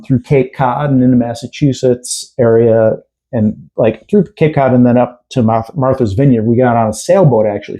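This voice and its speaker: Chicago-accented man telling relaxed stories. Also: medium pitch, muffled recording. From Chicago area. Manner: relaxed, rambling anecdotes with many fillers. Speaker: podcast guest. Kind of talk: casual interview storytelling.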